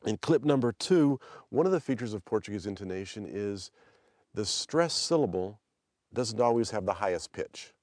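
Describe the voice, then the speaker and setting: A middle-aged man hosting a language-lesson podcast, explaining in a relaxed, chatty way. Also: lowish voice, moderate pace, no echo, studio quality. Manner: relaxed, chatty, prone to restarts. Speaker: podcast host and language teacher. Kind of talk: explanatory teaching chat.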